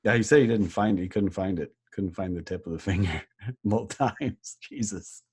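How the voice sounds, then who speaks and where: A man co-hosting a casual chat, relaxed and laughing often as he tells stories. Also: low-pitched, moderate pace, breathy edge. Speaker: podcast co-host.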